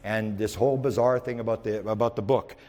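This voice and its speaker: A man's voice: on the low side, a little fast. A man giving a UFO research talk, telling stories in a rambling way with many restarts. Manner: rambling, with frequent restarts and repeated words; animated storyteller who speaks in the present tense. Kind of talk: anecdotal storytelling lecture.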